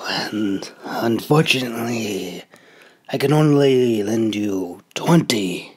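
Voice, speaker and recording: A man's voice: on the low side, expressive, slow, slightly rough, full character voice. A man voicing a formal host who hesitates and fumbles nervously before his guest.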